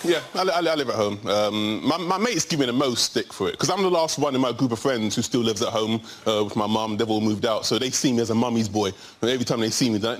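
A young man from England doing a stand-up routine in a TV studio, talking with quick stammering restarts. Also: mid-range voice. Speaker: comedian guest. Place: TV studio with audience.

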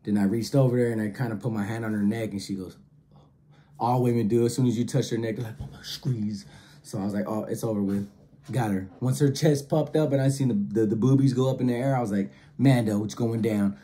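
A man telling a casual story in slangy, animated talk, acting out the other voices. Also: lowish voice, fairly quick. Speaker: storyteller host.

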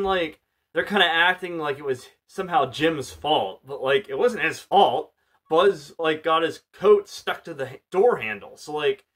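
A man's voice: medium pitch, a bit bright. A man casually retelling a film's plot, full of "like" and "you know" fillers. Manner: loose and chatty, many "like" and "you know" fillers. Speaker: movie reviewer.

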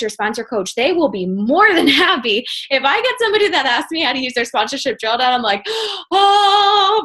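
A chatty woman with a higher voice runs a team call over her computer mic. She rambles energetically with plenty of fillers. Her talk is easy, casual and full of asides. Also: fairly bright tone, breathy edge. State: out of breath. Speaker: team coach leading a video call. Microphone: computer mic on a video call.

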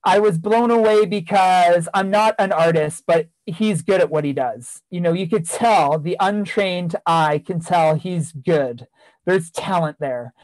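A man's voice: high-pitched, unhurried, a little mellow, no room sound, low-quality recording. A man giving a keynote talk, earnestly telling a story from his years as a teacher, with repeated phrases for emphasis. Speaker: keynote speaker, former teacher.

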